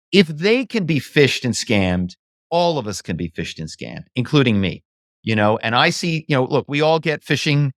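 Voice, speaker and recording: A man talking casually as a guest in an interview, telling stories in an animated way and often adding "you know" and "right". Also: mid-range voice, dry recording, clean studio sound. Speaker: guest, former actor and social engineer.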